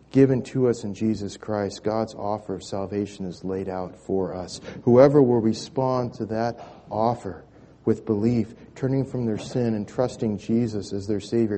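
Male pastor, warm mellow voice, emphatic sermon delivery with repeated words. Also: fairly low pitch, a little hiss or hum. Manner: emphatic preaching with swelling intensity and repeated words.

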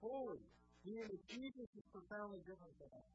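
A man's voice: high-pitched, expressive, quick pace, darkish tone, muffled recording, faint music behind. A man preaching a sermon as pastor, earnest and often repeating words as he restarts.

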